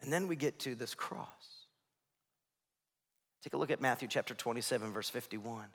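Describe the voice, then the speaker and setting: A man's voice: medium pitch, normal speed, a bit bright. A man, preaching a sermon as pastor and building his points into emphatic, rising lists. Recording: long reverb of a large hall.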